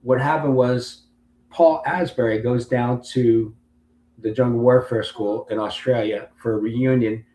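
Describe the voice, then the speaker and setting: A man's voice: medium pitch, steady tone, unhurried, dark tone. A man in his late fifties, a Marine veteran and interview guest, telling a long story and acting out other people's lines. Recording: roomy with faint background hum.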